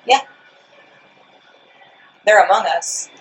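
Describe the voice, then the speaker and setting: A woman being interviewed on a casual podcast outdoors. She answers in short, dry phrases and slips in deadpan jokes. Her voice sits at an ordinary middle pitch. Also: extremely slow, a little hiss or hum, poor audio. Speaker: interview guest. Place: outdoors in front of a store.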